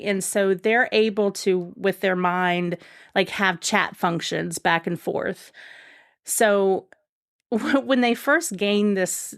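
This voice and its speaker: A woman's voice: mid-range voice, gravelly. A woman guest on a podcast, chatting casually and enthusiastically, rambling with lots of fillers and restarts.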